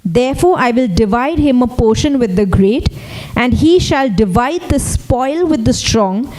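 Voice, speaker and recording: A woman's voice: a little high, animated, measured pace, darkish tone, rough recording. A woman pastor preaching a sermon, repeating key phrases and rising in emphasis on them. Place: church service.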